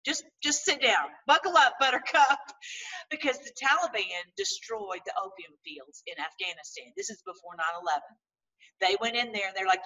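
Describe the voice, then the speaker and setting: A woman talking to her viewers in a casual, animated monologue, full of restarts and religious phrases. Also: fairly high pitch, moderate pace, recorded from a distance, rough recording. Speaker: political commentary host.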